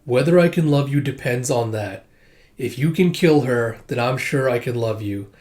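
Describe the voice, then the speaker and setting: A man voicing a cold, scheming male monster who treats his creation as a tool, in a flat, dismissive, drawn-out way. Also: mid-range voice, close to an everyday voice.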